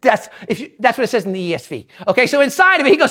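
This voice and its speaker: A woman pastor delivers a sermon with a high, bright-pitched voice. Her delivery is lively, leaping up into loud, excited bursts and dropping down into quiet asides. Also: rapid-fire, hardly any pauses, husky. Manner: animated preaching, swings from loud bursts to hushed asides.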